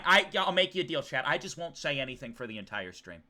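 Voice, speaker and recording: A man hosting a casual stream chat, rambling dramatically and acting out his chat in shouted voices. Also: fairly high pitch, big pitch swings, quick pace, few pauses. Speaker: streamer host.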